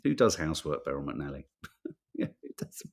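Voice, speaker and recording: A chatty man from England co-hosts a casual talk show, wandering off into tangents and swearing freely. His pitch swings up and down a lot as he talks. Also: very animated, moderate pace, vocal fry. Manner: rambling, sweary, chatty, reads out viewer names. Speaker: podcast co-host reading viewer comments. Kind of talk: casual chat.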